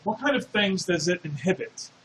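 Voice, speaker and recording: A man's voice: sits high, lively intonation, normal speed, fairly bright tone, a little hiss or hum. A man giving a classroom lecture, explaining step by step and putting questions to the class. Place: lecture hall. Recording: echoey lecture hall.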